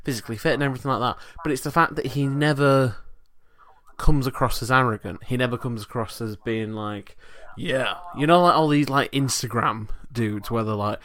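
A man in easy podcast chat, his voice sitting at an ordinary middle pitch. He loops around his points, restarting sentences and laughing along with his co-host. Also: normal speed, a bit bright.

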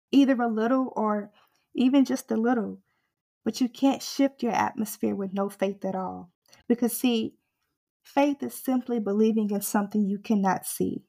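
A woman with a fairly high voice delivers a fervent sermon, driving home her point with rhythmic, repeated refrains. Her intensity keeps building as she exhorts the listener. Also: gravelly, mellow. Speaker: preacher.

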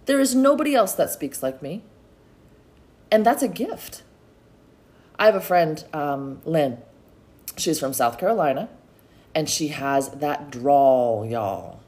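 Middle-aged woman, lower voice, chatty pep-talk podcast, says y'all a lot. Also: animated, takes it slowly, pauses often, a little mellow. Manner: chatty, encouraging, addresses listeners as y'all. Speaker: podcast host. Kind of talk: motivational solo podcast talk.

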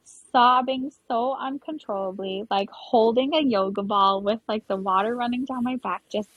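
A woman's voice: a little high, normal speed, dry recording, lo-fi sound. A woman guest on a podcast, chatting through a personal story with many fillers and frequent laughter. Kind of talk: casual storytelling interview.

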